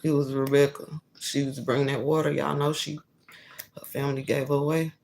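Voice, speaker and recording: A woman hosting an online Bible reading stream, chatting casually with viewers and laughing easily, then reading scripture aloud with louder emphasis. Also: very deep voice, little pitch movement, a little fast, vocal fry, a little hiss or hum, poor audio.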